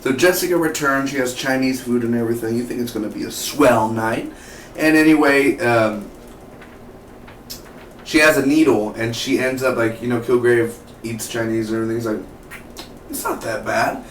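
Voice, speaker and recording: A man's voice: mid-range voice, moderate pace. A man giving a casual, rambling recap of a TV episode, acting out the characters' lines as he goes. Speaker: TV reviewer. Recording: roomy, distant from the mic, faint noise.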